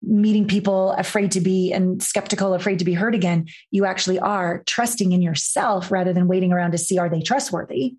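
A woman's voice: on the low side, fairly quick, few pauses. A woman who works as a life and intimacy coach, talking as a podcast guest and acting out the voices in her stories. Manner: animated storyteller, acts out quoted voices, swears freely.

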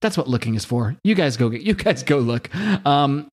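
Man, podcast host, casual comic recap, rambling, chatty, mid-pitched voice. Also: animated, normal speed. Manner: rambling, chatty, with fillers and swearing.

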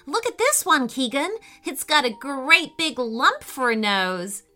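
A woman voicing Chase, an excitable young boy who loves dinosaurs. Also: measured pace, soft background music, full character voice. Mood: excited. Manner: high, eager and excited.

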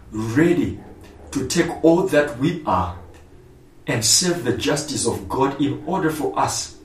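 A male pastor preaching a sermon, emphatic and repetitive, with rising outbursts. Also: medium pitch. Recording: echoey room, voice from far off the mic.

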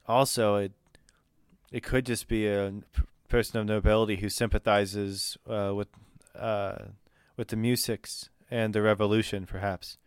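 A man voicing Markavia, an earnest noblewoman ship captain, speaking haltingly. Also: on the low side, flat delivery, clean tone, dry recording, clean studio sound, close to an everyday voice. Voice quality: halting, stammering.

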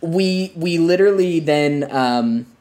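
A man's voice: a little high, takes it slowly, darkish tone. Rambling young man telling a story. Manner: rambling, lots of "like" fillers, laughs between lines. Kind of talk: casual storytelling.

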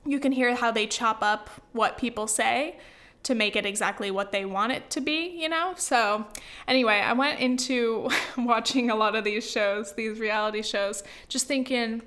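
A young woman from the US West Coast rambles through a casual vlog, her voice pitched a little high. She fills her talk with "like" and "you know", with sighs and laughs scattered through. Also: normal speed, a bit bright. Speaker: vlogger.

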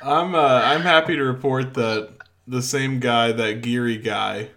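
Male podcast co-host, mid pitch, easygoing and amused. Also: unhurried, bright, forceful tone. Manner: laughing, amused interjections. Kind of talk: casual chat.

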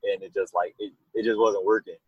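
A man being interviewed about his music, talking in a loose, rambling way and telling animated stories. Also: fairly low pitch, fairly quick, husky, no room sound, muffled recording. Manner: rambling, animated storytelling with laughs. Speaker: musician guest. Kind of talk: casual interview chat.

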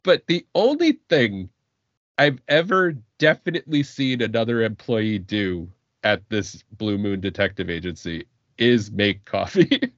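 A man's voice: lowish voice, animated, measured pace, no echo. A man co-hosting a casual podcast, laughing often and repeating words as he thinks aloud. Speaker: podcast co-host. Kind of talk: casual chat. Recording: dry, dull lo-fi sound.

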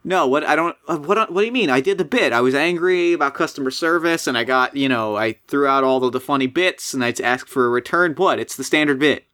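A man's voice: mid-range voice, fairly quick, hardly any pauses, bright, forceful tone. A man playing in an improvised tabletop role-play, talking in a rambling, hesitant way. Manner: rambling, hesitant, full of fillers. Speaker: player.

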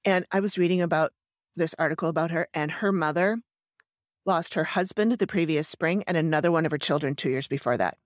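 A woman's voice: sits low, a little fast, no echo, studio quality. A woman co-hosting a podcast, casually retelling a true crime story in a chatty way, laughing easily and trailing off mid-sentence. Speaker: podcast co-host.

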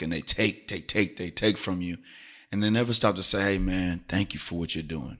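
A middle-aged man with a lowish voice tells a story from his school in a relaxed, chatty way. He slips into his coworkers' voices as he acts out what they said. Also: normal speed. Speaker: podcast host, teacher. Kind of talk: casual storytelling chat.

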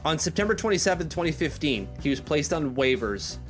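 Chatty man with a higher voice. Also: big pitch swings, brisk, faint music behind. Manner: chatty, rambling, self-correcting. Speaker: podcast co-host. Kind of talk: casual podcast chat.

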